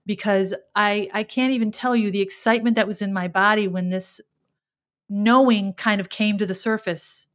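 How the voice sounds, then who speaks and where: Woman, middle-aged, podcast host, earnest, emotional, reflective spiritual monologue, mid-pitched voice, frequent restarts. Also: steady tone, moderate pace.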